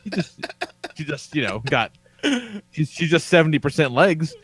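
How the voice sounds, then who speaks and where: A man in his thirties, co-hosting a podcast in casual chat, telling stories in a profane, animated way. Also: fairly high pitch, moderate pace, slightly rough. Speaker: podcast co-host.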